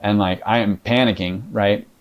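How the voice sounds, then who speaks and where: A man's voice: fairly low pitch, steady tone, normal speed, highs cut off. A man guest in an interview, telling his story in a casual, rambling way with many fillers and restarts.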